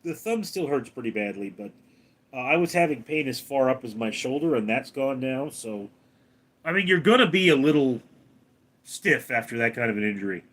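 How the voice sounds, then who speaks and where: A man's voice: mid-range voice, expressive, moderate pace, fairly bright tone. A man hosting a casual live stream, reading out viewer names and comments and answering them briefly. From Los Angeles, California. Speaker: livestream host reading chat.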